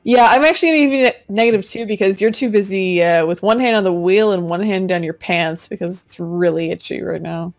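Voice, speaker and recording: A woman's voice: mid-range voice, brisk, few pauses, faint music behind. Laid-back woman game master. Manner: casual, laughing, swears freely. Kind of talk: narrating a tabletop game.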